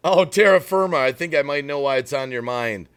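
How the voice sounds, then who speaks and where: A man's voice: fairly high pitch, lively intonation, fairly quick, fairly bright tone, clear, resonant tone. A man hosting a live stream, ranting bluntly to his chat and breaking off to apologize for getting worked up. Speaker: livestream host.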